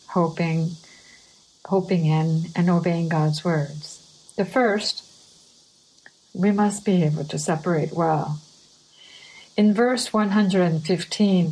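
A woman delivering a sermon at an unhurried, careful pace. Her voice sits a little low, and she reads each line of scripture deliberately, with pauses between phrases. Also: a little mellow, poor audio. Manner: measured, deliberate scripture reading. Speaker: preacher. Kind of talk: slow sermon reading.

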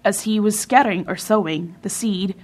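A woman reading a translated sermon in a measured way, with emphatic pauses. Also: mid-range voice. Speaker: sermon reader.

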